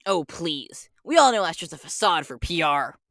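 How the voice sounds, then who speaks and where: A vengeful male nature spirit, put on by a woman, solemn and menacing as he threatens to wreck a block-game village. His voice sits low, with a dry, close sound. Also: very animated, moderate pace, a bit bright, no echo, full character voice. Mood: cold.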